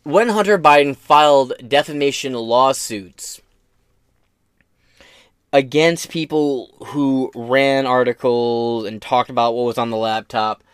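Hosting his own podcast, a man offers casual political commentary that's profane, jokey and rambling. His medium-pitched voice is clean, studio quality, with no room sound.

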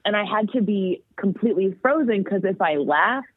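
A woman guest on a podcast, chatting casually and telling stories in an animated way. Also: mid-range voice, normal speed, noisy background. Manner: animated storytelling. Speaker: guest, metal vocalist. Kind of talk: casual chat. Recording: tinny phone-like sound, dry.

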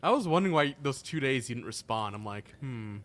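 A man with a lively, swooping voice who tosses teasing asides into a casual podcast chat. He laughs easily and keeps his remarks short. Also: medium pitch, quick pace.

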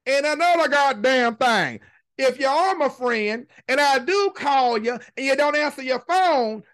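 High-pitched lady ranting on her podcast, cussing nonstop, drags out every curse word. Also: expressive, fairly bright tone. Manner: profane, emphatic, drawn-out swearing. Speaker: podcast host. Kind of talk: casual commentary rant.

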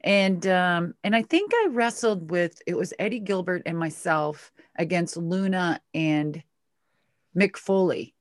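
A woman's voice: on the low side, a little slow, no echo, studio quality. A middle-aged woman from Minnesota with a Minnesota accent, telling stories in a chatty, laughing, profane way as an interview guest. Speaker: retired wrestler guest. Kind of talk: casual interview chat.

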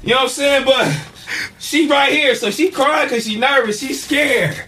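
High, bright-voiced animated storyteller man. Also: normal speed. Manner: animated storyteller, profane slang, vocal sound effects, bursts of shouting. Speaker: podcast guest, father. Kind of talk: casual chat, storytelling.

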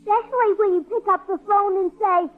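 Brief: chirpy, very high little girl, 1940s radio comedy, tinny. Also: steady tone, a little fast. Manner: piping, chirpy, correcting. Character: precocious little girl, eager daughter. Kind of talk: 1940s radio sitcom acting. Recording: tinny old radio broadcast.

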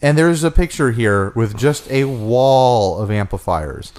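A man's voice: medium pitch, lively intonation, measured pace, a little mellow. A man co-hosting a casual podcast chat, talking loosely with fillers and teasing his co-host. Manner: chatty, teasing, thinks aloud with fillers.

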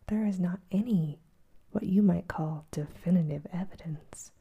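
A woman's voice: lowish voice, a little slow, warm tone, breathy edge, full character voice. A woman voicing a polite, hesitant young male journalist in a whispered role-play. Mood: earnest. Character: earnest young male Irish journalist, nervous but bold.

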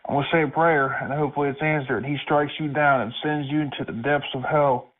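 Guy yelling curses down a tinny phone line, kinda high voice. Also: fairly even intonation, fast talker. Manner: profane, threatening rant. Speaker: prank caller. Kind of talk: angry prank phone call.

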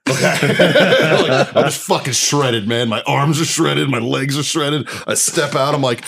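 A man swaps a rowdy military story on a casual podcast, cursing freely and breaking into laughter. His voice sits at an ordinary pitch, and he keeps acting out what everyone said. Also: measured pace, creaky, a bit bright, slightly rough. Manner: profane, laughing military war story, acts out quotes. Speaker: podcast co-host.

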